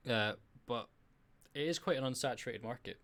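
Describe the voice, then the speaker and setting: A Scottish man hosting a podcast, easygoing and quick to laugh along. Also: medium pitch, fairly bright tone. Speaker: podcast host. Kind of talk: casual podcast interview.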